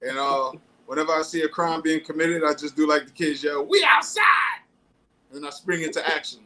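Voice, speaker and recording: A man's voice: on the high side, level tone, a little fast, sharp tone. Joking man panelist. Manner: joking, playful, acts out quotes. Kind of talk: casual panel talk.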